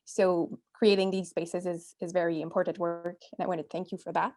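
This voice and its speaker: A young adult woman from Quebec introducing herself on a video call panel, earnest and halting, with frequent fillers. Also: lowish voice, little pitch movement, a little mellow.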